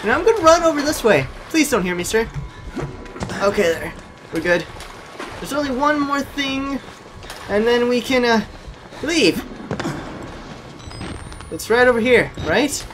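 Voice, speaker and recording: A man's voice: very high voice, sing-song, measured pace, long pauses, a bit bright, soft background music. A man commentating a horror game, joking and talking to the characters, yelping when scared. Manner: jokey, yelps and shrieks when scared; chatty, talks to game characters. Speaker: gameplay commentator. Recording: noisy home recording.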